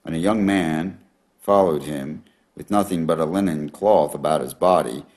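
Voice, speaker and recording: A man reading a long Bible passage aloud in a measured, steady way. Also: rumbling low. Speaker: scripture reader.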